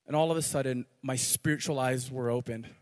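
A man preaching a sermon as pastor, animated, repeating words and swinging from loud to hushed. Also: mid-range voice, brisk. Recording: long hall reverb.

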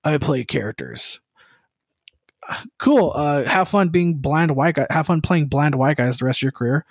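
A slightly high-voiced man co-hosting a casual gaming podcast, rambling through rants with frequent swearing and laughter. His voice sits close and dry on the mic. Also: normal speed, no echo. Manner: profane, rambling, laughs often. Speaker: podcast co-host.

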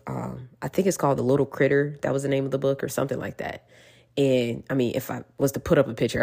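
Low gravelly woman, encouraging talk. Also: darkish tone. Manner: earnest, encouraging, repeats reassurances to listeners. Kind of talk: casual motivational monologue.

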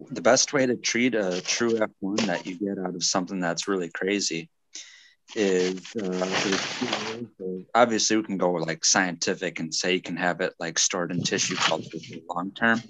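A man's voice: sits low, fairly even intonation, moderate pace, background noise. A man hosting a casual podcast chat, rambling at length and getting technical about plant breeding. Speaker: podcast host.

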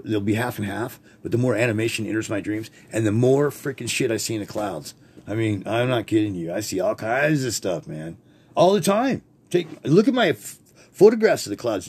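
A man's voice: medium pitch, darkish tone, breathy edge. A man hosting a podcast, telling rambling personal stories in a casual, profane way and laughing often. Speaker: podcast host.

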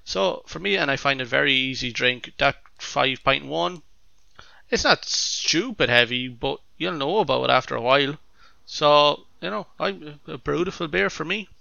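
A man from Ireland reviewing a stout on a podcast with lively enthusiasm. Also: fairly high pitch, moderate pace, gravelly, dry recording, muffled recording. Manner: enthusiastic, animated. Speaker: podcast co-host, beer reviewer. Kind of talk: casual chat.

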